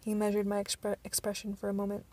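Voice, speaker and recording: A woman's voice: mid-range voice, completely flat delivery, fast, dark tone. A woman narrating an amateur audiobook reading, stumbling at times with restarts.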